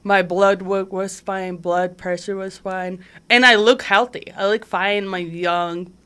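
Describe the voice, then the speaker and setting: A woman speaking at a middle pitch for her sex, recounting events as an interview guest. Her delivery is casual and lively, with a steady stream of "like" fillers. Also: slow pace, clear, resonant tone. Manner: chatty and animated, heavy use of "like" fillers. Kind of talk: casual conversational storytelling.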